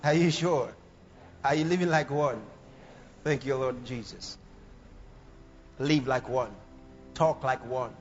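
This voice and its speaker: A man preaching a sermon in an animated way, breaking into shouts and laughter. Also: medium pitch, slow, long pauses, slight background noise. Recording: dull lo-fi sermon recording with faint music.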